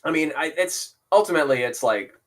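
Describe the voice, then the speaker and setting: A man's voice: on the high side, animated, fairly quick. Rambling laid-back male podcast co-host. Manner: rambling, full of "like" and "you know", laughs often. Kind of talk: casual chat.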